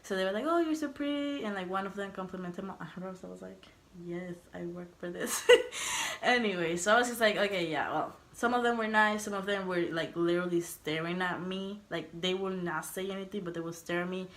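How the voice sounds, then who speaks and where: A woman's voice: on the low side, brisk. Young woman telling a story, laughing often. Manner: animated, laughing, swearing, acts out quotes. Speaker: vlogger. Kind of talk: casual storytime.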